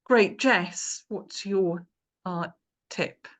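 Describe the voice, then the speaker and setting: A woman chairing a panel discussion, speaking in a hesitant, halting way as she hands questions to the speakers. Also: mid-range voice, a bit bright.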